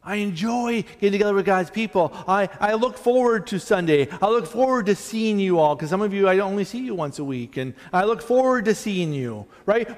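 Male pastor, conversational sermon delivery, self-deprecating asides, fairly high voice, reverberant church hall. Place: church sanctuary.

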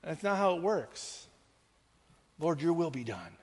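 High-voiced pastor preaching in a reverberant hall. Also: male voice, big pitch swings, unhurried, darkish tone, slightly rough. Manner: earnest, conversational preaching with frequent "right?" asides. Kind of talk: sermon.

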